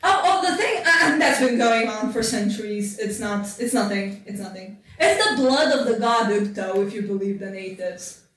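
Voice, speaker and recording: A woman's voice: medium pitch, expressive, normal speed, fairly bright tone, close to an everyday voice. A woman voicing a young blonde elven woman who answers in an offhand, dismissive way during a tabletop game. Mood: breezy. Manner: offhand, shrugging replies. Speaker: non-player character. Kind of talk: tabletop role-play acting. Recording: roomy, distant mic, faint noise.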